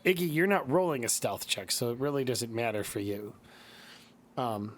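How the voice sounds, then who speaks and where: A man's voice: medium pitch, moderate pace. Midwestern man running a tabletop game. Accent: Midwestern American. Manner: casual, explains rules with fillers. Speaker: game master.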